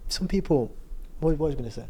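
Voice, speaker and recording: A man's voice: medium pitch, expressive, quick pace, warm tone, husky. A man hosting a casual podcast chat, slangy, constantly affirming with "yeah". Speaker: podcast host.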